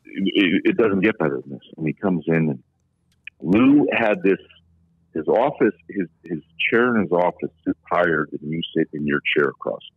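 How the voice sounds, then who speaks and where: A man's voice: sits low, expressive, moderate pace, slightly rough, no room sound. A man in his forties, a podcast guest, telling long candid stories from his playing career in a casual, rambling way. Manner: long-winded, candid storyteller. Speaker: podcast guest, former pro hockey player. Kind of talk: casual anecdotal storytelling. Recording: thin phone-line sound, dry.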